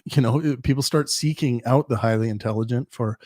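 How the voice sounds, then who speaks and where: A man's voice: mid-range voice, fairly quick, a little mellow, no echo, clean studio sound. A man hosting a casual livestream Q&A, rambling with frequent restarts and chuckling as he answers viewer questions.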